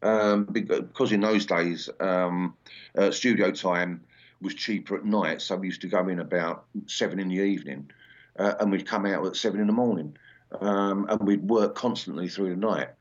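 In a casual interview, an English punk singer in his sixties rambles with many ums and restarts. His voice sits low, with fairly even intonation and normal speed, captured in slightly dull lo-fi audio.

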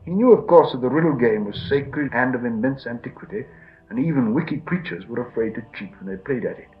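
A man's voice: medium pitch, lively intonation, brisk, highs cut off, faint music behind. A man narrating a storybook expressively, performing the character voices himself. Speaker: audiobook narrator.

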